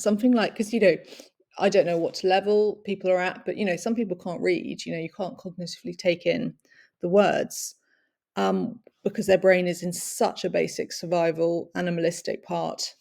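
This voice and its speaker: A woman speaking at length from her own experience, her voice low and gravelly with a lot of fry. She talks reflectively, pausing to search for words and breaking into soft laughs now and then. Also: fairly even intonation. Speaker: speaker sharing personal experience. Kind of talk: long-form personal talk.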